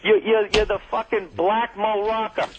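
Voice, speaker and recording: High-voiced man ranting on tinny radio. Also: little pitch movement, a little hiss or hum. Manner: profane, indignant, fast ranting. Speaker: comedian guest in studio. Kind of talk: heated on-air argument. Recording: tinny phone-like radio audio.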